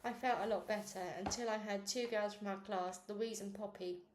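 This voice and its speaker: A woman's voice: steady tone, moderate pace, a little mellow. Woman reading a children's book aloud. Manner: reads with small slips and restarts, lifts pitch for quoted girls. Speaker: reader. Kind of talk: read-aloud book narration. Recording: echoey room with faint noise.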